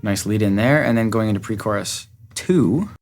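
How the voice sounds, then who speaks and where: A man's voice: fairly low pitch, expressive, moderate pace. A man, a music producer, giving an upbeat, enthusiastic walkthrough of how a song was produced. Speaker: music producer and recording engineer. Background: faint music from the track.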